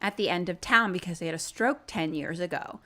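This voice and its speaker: A woman's voice: lowish voice, a little fast. A woman podcast host casually retelling a horror film for a live audience, swearing freely and acting out scenes. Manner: animated, profane, acts out the scenes.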